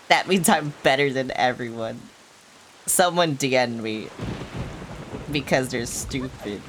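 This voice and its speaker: A woman's voice: low voice, a bit bright, slight background noise. A woman streaming a video game, chattering in a hyper, rambling way and swearing playfully. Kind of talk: casual gaming livestream chatter.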